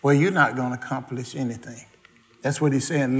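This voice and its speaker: A man's voice: medium pitch, steady tone, brisk, fairly bright tone. A man preaching a sermon, quizzing the congregation with questions and folksy asides, in everyday dialect grammar.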